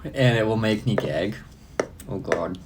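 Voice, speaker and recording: Brief: young man, slightly low voice, relaxed profane live-stream chatter. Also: a little slow, background noise. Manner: loose, profane, laughs often. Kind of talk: casual live-stream chat answering comments.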